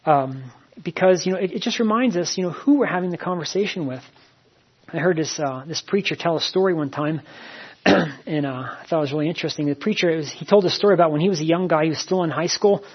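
Man preacher, husky tone, dull lo-fi recording, chatty storytelling delivery. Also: high voice. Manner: plain conversational storytelling with many fillers and repeats. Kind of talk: sermon.

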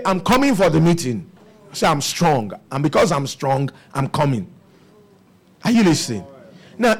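Husky animated preacher man. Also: sits high. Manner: animated preaching with rhetorical questions to the congregation. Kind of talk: sermon.

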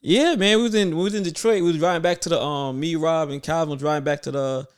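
A man's voice: on the high side, steady tone, fast talker, clean tone. A man co-hosting a casual podcast, telling stories in loose slang with mock outrage. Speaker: podcast co-host.

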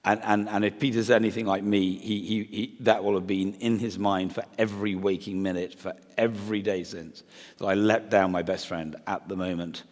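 A man giving a conversational sermon, chatty and animated, with playful asides. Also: fairly low pitch, normal speed. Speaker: preacher. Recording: reverberant hall.

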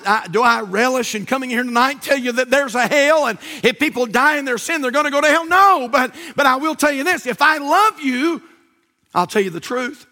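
This is a man's sermon, delivered with fervent emphasis, drawn-out key words, and scripture quotations. He speaks at an extremely high pitch in a bright, forceful tone.

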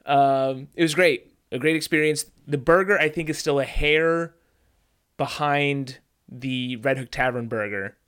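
A man's voice: medium pitch, a little slow, a bit bright, clean tone. A man co-hosting a podcast, telling a food story with dry, joking asides. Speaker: podcast co-host. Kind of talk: casual chat.

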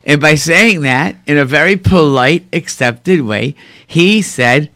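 Animated storytelling man, dry sound. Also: fairly high pitch, a little slow, dry recording. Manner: animated storyteller acting out quoted speech; sprinkles Hebrew and Yiddish terms. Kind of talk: casual storytelling in conversation.

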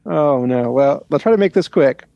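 A man's voice: mid-range voice, animated, normal speed, vocal fry, no echo, lo-fi sound. A man co-hosting a casual podcast, easygoing in his talk. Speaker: podcast co-host.

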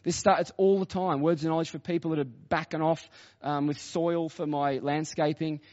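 Man, pastor, chatty sermon storytelling, fairly high voice, dull lo-fi sound. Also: steady tone, normal speed, a little mellow. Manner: chatty anecdotal storytelling, quoting himself and others. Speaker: senior pastor. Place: church auditorium. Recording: dull reverberant church hall recording.

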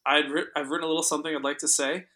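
A man's voice: fairly high pitch, level tone, rapid-fire, sharp tone. A man co-hosting a film podcast, playfully building up a bit in casual chat. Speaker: podcast co-host.

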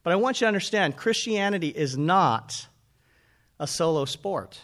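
A man preaching a sermon as pastor, animated and calling out to his congregation. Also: high voice, normal speed.

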